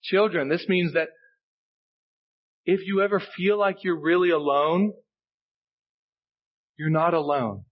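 A man's voice: fairly high pitch, takes it slowly, pauses often, highs cut off. A male pastor preaching a sermon, earnest and emphatic, repeating key phrases for weight. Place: church sanctuary.

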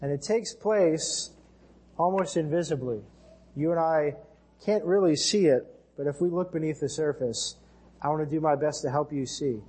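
Earnest American male preacher, husky voice. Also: on the high side, moderate pace, darkish tone. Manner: earnest preaching, rising for scripture readings. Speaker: pastor. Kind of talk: sermon.

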